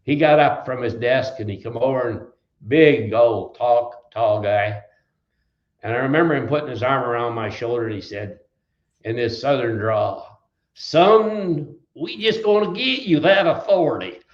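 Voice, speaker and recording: A man's voice: mid-range voice, normal speed, roomy sound, muffled recording. An older man from Wisconsin, a trucking company founder, telling rambling, folksy stories in an interview. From Wisconsin, USA. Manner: folksy, rambling anecdotes with restarts. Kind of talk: storytelling in an interview.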